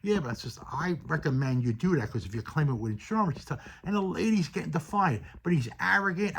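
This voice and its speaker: A man's voice: on the high side, expressive, fast talker, gravelly, hardly any pauses, slight background noise. A man telling a casual story from memory, rambling with many fillers and quoted dialogue. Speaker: storyteller recounting personal memories.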